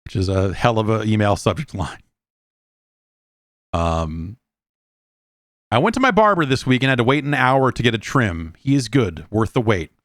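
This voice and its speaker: A man's voice: medium pitch, dry recording, clean studio sound. A man hosting a podcast, reading a listener email and telling loose, profane gaming stories with many restarts. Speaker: podcast host. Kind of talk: casual solo podcast talk. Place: quiet room at home.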